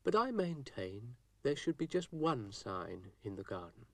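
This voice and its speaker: A man's voice: medium pitch, very animated, a little slow, vocal fry, no room sound, exaggerated voice. A man voicing a fussy, stubborn old cartoon man with a prim, insistent way of talking.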